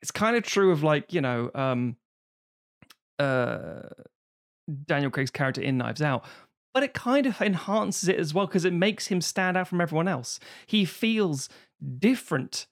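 A man's voice: on the high side, lively intonation, unhurried. A man chatting casually as a podcast co-host, rambling and swearing freely. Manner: rambling, swears freely, slips into mock voices. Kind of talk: casual chat.

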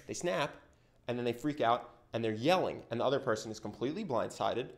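A young man teaching how to handle tough conversations, telling stories and acting out the quotes in them. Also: medium pitch. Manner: animated storytelling with acted-out quotes. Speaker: communication coach. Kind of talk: explanatory talk to camera.

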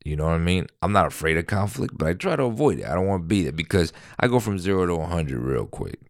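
A man in his thirties with a deep voice, talking in a casual, rambling monologue full of fillers and restarts. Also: big pitch swings, fast talker, no room sound, clean studio sound. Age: 30s. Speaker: vlogger.

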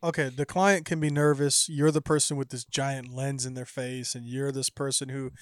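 A man hosting a podcast, asking questions and musing in a relaxed, reflective way. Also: medium pitch, normal speed, smooth, no echo. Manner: relaxed, reflective, short affirmations. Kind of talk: casual podcast interview.

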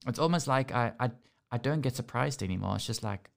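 A man's voice: medium pitch, animated, fairly quick, gravelly. A man hosting a casual podcast, ranting sarcastically and often restarting his sentences. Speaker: podcast host.

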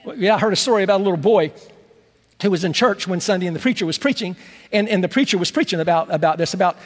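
In a church sanctuary with a long reverb tail, a pastor with a high voice preaches a sermon conversationally. He repeats words as he begins sentences and slows down to stress key phrases.

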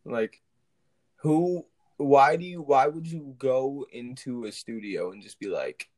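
A man's voice: mid-range voice, takes it slowly, darkish tone. A young man with a mid-range voice talks casually on a podcast. He is blunt and slangy in his opinions. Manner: blunt, slangy, laughs easily. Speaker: podcast co-host. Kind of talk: casual chat.

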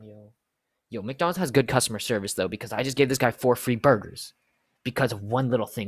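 A young man who works in fast food, telling an exasperated, slangy story in a casual vlog. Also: medium pitch, slightly rough.

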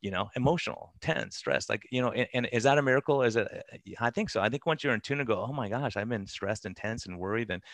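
A man, a physician, telling animated stories in an interview, laughing as he acts out the people in them. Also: mid-range voice, quick pace, few pauses, no room sound. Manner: animated, laughing anecdotes with quoted voices. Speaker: physician guest. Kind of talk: conversational storytelling interview.

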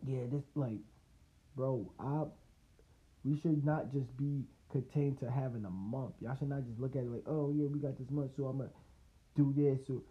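A man's voice: mid-range voice, steady tone, normal speed. Man ranting over a tinny phone line. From United States. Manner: loose, profane and rambling, with laughs and restarts. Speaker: podcast host. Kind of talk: casual solo podcast rant.

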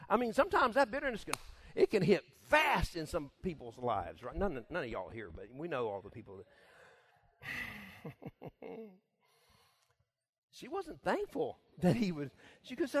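An animated preacher man with a fairly high, very lively voice that swoops as he talks. He preaches conversationally, acting out little scenes and chuckling between points. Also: brisk. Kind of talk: sermon.

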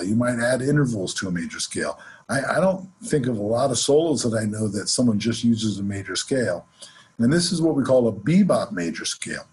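A jazz music teacher explains scales in a relaxed, easy lesson, playing examples as he goes. His voice is very smooth and resonant at a middle pitch, and he counts off the beats before each example.

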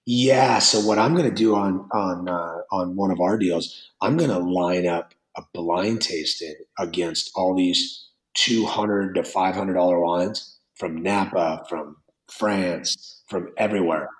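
A very low-voiced man speaking as a winemaker in an interview, blunt and rambling, swearing offhandedly as he goes. His voice rings in a roomy, echoey space. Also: slow. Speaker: winemaker and wine business owner. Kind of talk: interview conversation. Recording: roomy echo.

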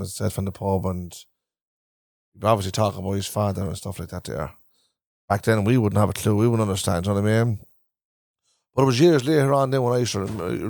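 A man's voice: fairly low pitch, vocal fry, darkish tone, no room sound, studio quality. A man with an Irish Traveller accent, a podcast host who rambles and repeats himself while telling family stories in a casual chat recorded in a caravan.

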